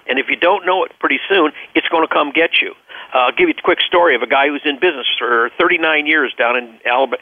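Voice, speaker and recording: A man's voice: medium pitch, dry recording. Earnest man on a tinny phone line. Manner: earnest, storytelling, repeats words while searching. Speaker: interview guest, business leader. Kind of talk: radio phone interview.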